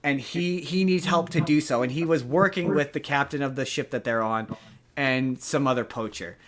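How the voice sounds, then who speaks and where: A man co-hosts a podcast, chatting casually in a rambling way with many restarts. His voice is mid-range and fairly bright, at a moderate pace.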